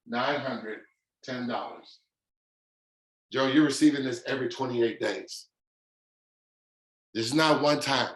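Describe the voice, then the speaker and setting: A man giving an excited, emphatic sales pitch, stretching out his stressed words. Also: roomy sound, poor audio. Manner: fired-up, emphatic, drawn-out stresses. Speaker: presenter of an online income demonstration.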